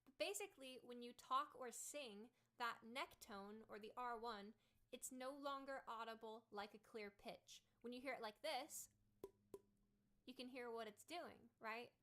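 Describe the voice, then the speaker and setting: Woman voice coach explaining clearly. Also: on the high side, measured pace, sharp tone. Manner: explains step by step, checks in with "right?" and "okay?". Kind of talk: instructional voice tutorial.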